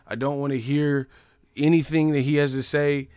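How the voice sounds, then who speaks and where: Profane, laughing live-stream host. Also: male voice, a little high, flat delivery, moderate pace, a little mellow, clear, resonant tone, no echo, clean studio sound. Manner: profane, laughing, riffing on chat. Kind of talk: casual live-stream commentary.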